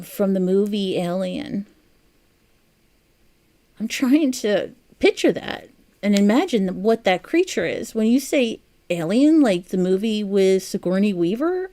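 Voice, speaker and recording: A woman's voice: mid-range voice, measured pace, mellow. A woman chatting casually while she crochets on a livestream, reading out viewer comments, chatty and easily amused. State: has the hiccups.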